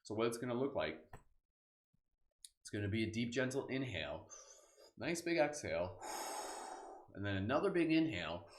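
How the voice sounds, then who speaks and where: A man hosting a live guided meditation, speaking in a relaxed, casual way full of "like" and "kind of", leading affirmations and laughter breathing. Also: lowish voice, moderate pace, long pauses, roomy sound. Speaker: meditation host.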